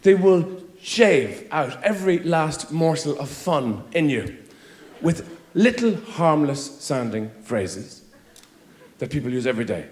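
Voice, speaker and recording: Sardonic Irish comedian, lively high voice. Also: male voice, unhurried. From Ireland. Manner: rambling, sardonic, leaps into shrill mock voices. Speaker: stand-up comedian. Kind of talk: stand-up comedy. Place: theatre stage with live audience. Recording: live hall echo.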